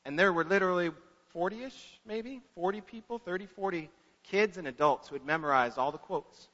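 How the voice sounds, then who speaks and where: A pastor preaching a sermon in an earnest manner, repeating words for emphasis. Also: male voice, sits high, normal speed, a bit bright. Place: church sanctuary. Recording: echoey church hall, dull lo-fi.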